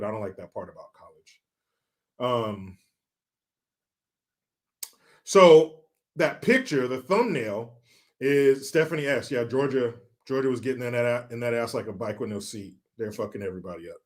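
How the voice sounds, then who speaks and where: A man's voice: medium pitch, lively intonation. Man, livestream host, from California, casual chat, joking, swears a lot, reads comments. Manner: profane, joking, chatty, pauses to laugh.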